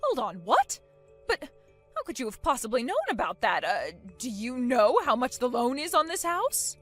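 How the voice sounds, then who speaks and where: A woman voicing a bossy, angry middle-aged mother-in-law who talks loudly and indignantly in an animated story. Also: a little high, normal speed. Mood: alarmed. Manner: loud, indignant, demanding. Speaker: voice actor. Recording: faint music underneath.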